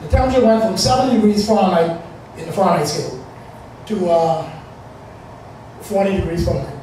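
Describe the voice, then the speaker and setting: A man in his forties from the Bahamas tells a personal story in a loose, conversational ramble. His voice sits high. He is captured from a distance in a very echoey room, with a faint hiss underneath. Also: brisk, dark tone. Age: 40s. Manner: rambling, conversational, with many fillers.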